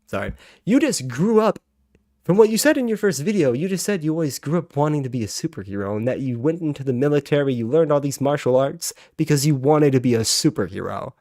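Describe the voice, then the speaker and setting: A man's voice: on the high side, animated, fast talker, darkish tone, dry recording, studio quality. A man in his twenties with a heated, profane, exasperated way of talking as he hosts a reaction video. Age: 20s. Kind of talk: ranting reaction commentary.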